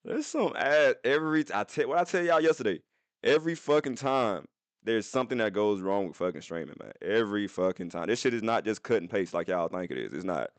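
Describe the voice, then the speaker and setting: Low-voiced young man telling a story. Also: brisk, dry recording. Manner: animated, profane, jumps into high-pitched quoted voices. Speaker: streamer. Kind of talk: casual storytelling to a live stream chat. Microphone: phone.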